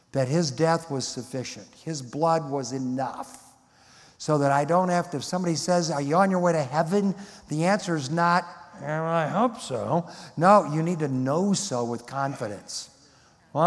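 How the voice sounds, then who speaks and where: A man teaching a Bible lecture in a sermon style, emphatic and fond of rhetorical questions. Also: medium pitch. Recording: long hall reverb.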